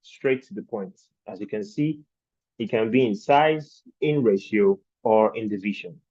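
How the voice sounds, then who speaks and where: A man's voice: lowish voice, unhurried, a little mellow, no echo, highs cut off. A man teaching design principles in a virtual training session, explaining patiently and asking rhetorical questions of his class. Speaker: design instructor.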